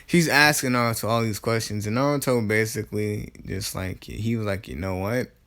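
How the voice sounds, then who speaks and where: A man's voice: on the low side, normal speed, fairly bright tone. A man casually telling a fan-made story, rambling with many fillers, restarts and casual swearing.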